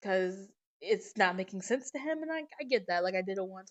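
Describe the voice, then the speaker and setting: A woman hosting a podcast, telling family stories in a casual, animated way and swearing freely. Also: medium pitch, a little fast, muffled recording. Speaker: podcast host. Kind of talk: casual storytelling monologue. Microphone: podcast microphone.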